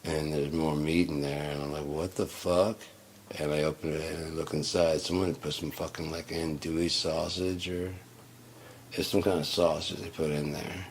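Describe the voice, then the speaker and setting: A man with a very low voice telling a story in a loose, rambling monologue. He swears freely and flares up indignant as he talks, with a faint bed of noise behind him. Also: flat delivery, normal speed. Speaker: solo podcaster.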